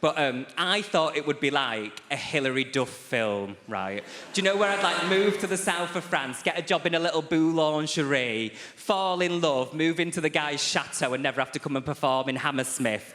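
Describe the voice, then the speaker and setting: Bright, chatty man doing stand-up. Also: on the high side. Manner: chatty, confiding, teases audience members by name. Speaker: stand-up comedian. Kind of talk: stand-up comedy set. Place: large theatre stage. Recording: echoey theatre, faint audience noise.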